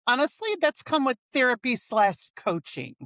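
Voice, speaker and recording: A woman's voice: fairly high pitch, sing-song, moderate pace, a bit bright, no room sound. A woman in her forties, a finance executive guest, telling workplace stories in a frank, emphatic way and acting out quotes. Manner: frank, emphatic storyteller who acts out quotes. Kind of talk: casual conversational interview.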